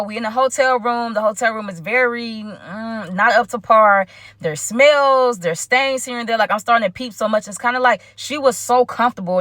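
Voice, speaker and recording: A young woman, telling a storytime in a casual, animated way and talking straight to her viewers. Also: mid-range voice, dry recording. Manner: animated, talks straight to viewers with lots of asides. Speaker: storytime vlogger.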